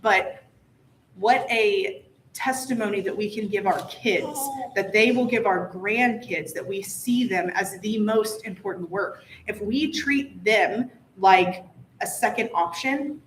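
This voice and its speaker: A woman leads a casual Bible study chat, spinning stories with animated asides. Her voice sits in the middle range and rings in an echoey room. A faint hiss runs underneath. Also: mid-range voice, takes it slowly. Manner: chatty storytelling, animated asides.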